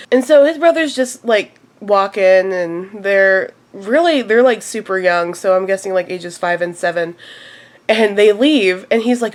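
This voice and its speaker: A young woman in her twenties telling a story straight to camera in a casual vlog. She is animated and laughs a lot, and her voice jumps up whenever she quotes herself or others. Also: on the high side, normal speed. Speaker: vlogger.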